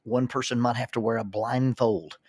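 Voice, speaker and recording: A man's voice: mid-range voice, fairly even intonation, moderate pace, darkish tone, no room sound, studio quality. A man, a counselor and minister, telling stories in a folksy way, often repeating words as he starts a thought. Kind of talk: storytelling monologue.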